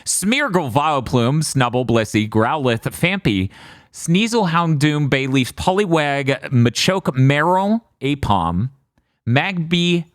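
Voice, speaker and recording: A man's voice: fairly high pitch, expressive, slow pace, dry recording, clean studio sound. A man co-hosting a casual podcast review, rambling and laughing often. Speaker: podcast co-host.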